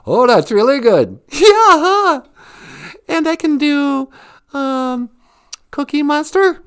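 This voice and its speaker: A woman's voice: high voice, slow pace, creaky. A woman hosting a live stream, chatting casually and giggling often. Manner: giggly and animated, laughing often. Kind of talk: casual chat.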